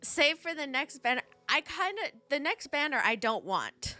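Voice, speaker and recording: A woman streaming a game live, talking straight to her chat in a high, bright voice. She is excitable and quick to squeal with joy. Faint game music plays under her voice.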